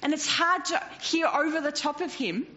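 Animated woman preaching a sermon. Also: high voice, normal speed. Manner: animated, swinging from loud to hushed, laughs often. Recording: dull lo-fi recording with faint noise.

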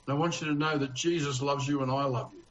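A man's voice: medium pitch, fairly even intonation, fast, a little hiss or hum. A man with an Australian accent preaching a conversational sermon as pastor, earnest and homely, with rhetorical questions to his congregation. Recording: dull, lo-fi sound.

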